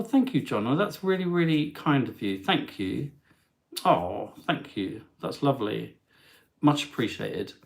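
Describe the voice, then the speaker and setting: A man hosting a casual live travel stream, chatting and reading viewer comments aloud in an animated way. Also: mid-range voice. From England.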